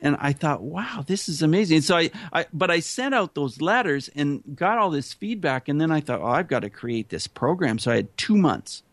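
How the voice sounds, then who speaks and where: A man telling stories in a casual interview, earnest and animated, often saying "you know". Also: fairly high pitch, normal speed, few pauses, dry recording. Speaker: interview guest. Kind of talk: casual conversational storytelling.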